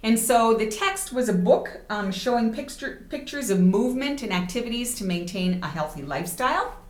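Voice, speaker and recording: A woman's voice: a little high, animated, moderate pace. A woman teacher educator giving a recorded lecture, explaining examples step by step and checking in with "okay?". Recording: roomy echo.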